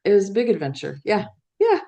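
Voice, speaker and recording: A woman's voice: medium pitch, wildly swooping pitch, fairly quick, dark tone. A middle-aged woman from Iowa, a news executive, telling her career story in a rambling, casual way with fillers and laughs. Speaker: guest, veteran news executive. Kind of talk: casual interview chat.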